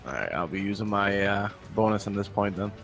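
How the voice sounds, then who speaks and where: A man's voice: lowish voice, animated, fairly quick, gravelly, fairly bright tone, soft background music. Laid-back male tabletop player. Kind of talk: casual tabletop game chat.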